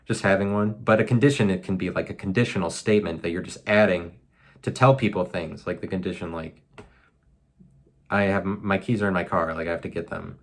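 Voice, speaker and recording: A man's voice: deep voice, fairly even intonation, a little fast. A man hosting a solo podcast from his apartment, musing aloud in a rambling, self-mocking way full of fillers. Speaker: podcast host. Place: apartment room.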